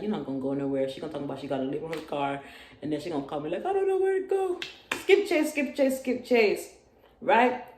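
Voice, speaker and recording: A young woman vlogging a storytime about college life, telling it in an animated way and acting out the loud quotes. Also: low voice. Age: young adult. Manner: animated, acts out yelled quotes. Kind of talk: storytime vlog. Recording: echoey room, faint noise.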